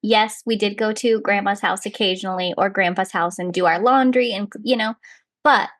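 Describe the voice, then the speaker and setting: A young woman co-hosting a podcast reads a listener's story and reacts in casual chat, expressive and quick with frequent laughs. Her mid-range voice is recorded dry.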